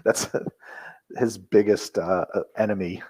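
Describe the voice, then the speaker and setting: A man with a very low, husky voice offers wry, laid-back remarks on an old wrestling match. He often hesitates and reaches for his words with fillers. His tone stays easygoing and dry. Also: fairly even intonation, takes it slowly, a little mellow. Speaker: podcast co-host. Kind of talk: casual commentary over a wrestling match.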